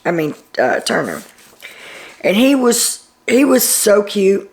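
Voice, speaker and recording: A woman's voice: medium pitch, big pitch swings, takes it slowly, creaky, darkish tone. A tired woman chattily recapping a reality show to her viewers, retelling scenes as she goes. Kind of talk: casual recap to camera.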